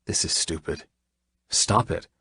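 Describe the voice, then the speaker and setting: A man voicing a prim, exasperated young woman doctor in an audiobook, with a crisp, scolding manner. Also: a little slow, pushed and bright, dry recording. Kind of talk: audiobook character reading.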